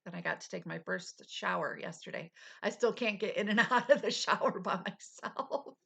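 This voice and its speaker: Low on energy while recovering, a middle-aged livestream host chats casually and candidly with her viewers, laughing frequently. She has a medium-pitched, husky voice with vocal fry and a sharp tone, delivered at a moderate pace.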